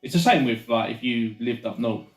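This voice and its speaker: A man joining a casual podcast chat with quick, chatty asides. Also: mid-range voice, recorded from a distance. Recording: roomy room sound.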